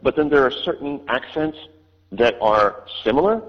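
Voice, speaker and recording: A man's voice: mid-range voice, lively intonation, moderate pace, slight background noise. A man, an audiobook narrator, answering interview questions in a hesitant way, with many fillers and restarts. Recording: dull line with long reverb.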